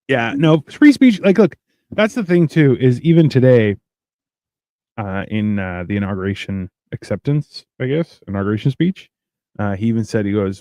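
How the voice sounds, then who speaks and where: A man's voice: medium pitch, animated, normal speed, long pauses, dark tone, dry recording. A man from Canada co-hosting a podcast, rambling and joking, often acting out what other people say. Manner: rambling, joking, acts out quoted voices. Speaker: podcast co-host. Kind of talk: casual podcast banter.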